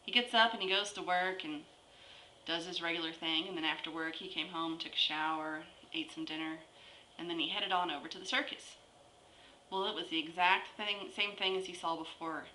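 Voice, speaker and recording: Woman telling a joke, bright echoey voice. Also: on the low side, steady tone, slight background noise. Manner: storytelling with drawn-out pauses. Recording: echoey room with faint ambience.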